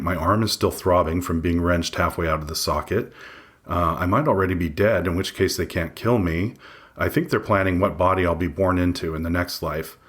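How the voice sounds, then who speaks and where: A man reading his own memoir aloud in first person, measured, matter-of-fact and wry. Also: low-pitched. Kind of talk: first-person audiobook narration.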